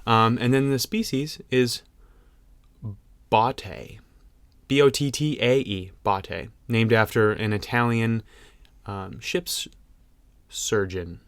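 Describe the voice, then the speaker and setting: A man's voice: medium pitch, slow pace, long pauses, fairly bright tone, smooth, no echo. A young man co-hosting a podcast in casual chat, joking and rambling with frequent laughs. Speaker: podcast co-host.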